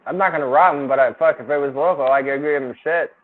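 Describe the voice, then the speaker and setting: A man's voice: a little high, quick pace. A man joining a casual livestream chat as co-host, blunt and profane, speaking his mind. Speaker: co-host guest. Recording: tinny phone-like call audio.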